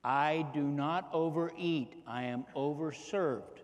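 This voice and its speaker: A man's voice: a little high, slow, highs cut off. A man in his fifties, an economist giving a folksy, joking keynote talk that is full of rhetorical questions to the audience. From Texas. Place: large conference hall. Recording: long hall reverb.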